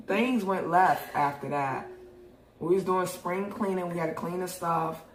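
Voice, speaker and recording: Animated, cussing young New woman. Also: fairly low pitch, slow pace, a little hiss or hum. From New York. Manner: animated, profane, laughs often. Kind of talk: casual storytelling. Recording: roomy echo.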